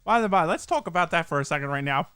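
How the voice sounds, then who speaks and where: A man's voice: on the high side, expressive, a bit bright, clear, resonant tone, no echo, clean studio sound. A man co-hosting a charity live stream, cracking crude jokes in loose banter. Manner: crude, joking and rapid-fire.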